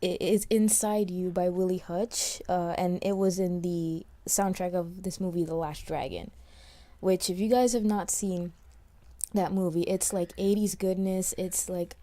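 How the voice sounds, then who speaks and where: Chatty woman from New York, mellow voice. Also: fairly low pitch, steady tone, measured pace. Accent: slight New York. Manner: chatty, rambling, many restarts and fillers. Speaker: let's play commentator. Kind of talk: casual gameplay commentary. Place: home, voice-over recorded after play.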